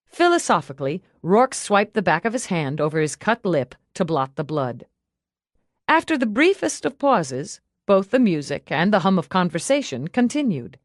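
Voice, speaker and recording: A woman narrating a fantasy audiobook in an expressive way, acting out every character. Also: medium pitch, moderate pace, no echo, studio quality. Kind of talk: scripted narration.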